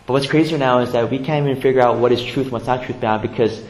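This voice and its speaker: Man, pastor, sermon, conversational, hushed then lively, church hall, roomy echo. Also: medium pitch, fast talker. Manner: casual, conversational preaching with frequent "right?" and "like"; swings between hushed emphasis and lively bursts. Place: church sanctuary.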